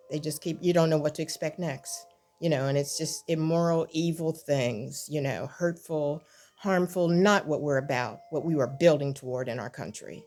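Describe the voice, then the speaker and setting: An older woman with a low-pitched voice gives an online devotional message. She talks plainly and warmly conversational, then preaches in impassioned, repeated appeals. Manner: impassioned and repetitive, rising to pleading cries.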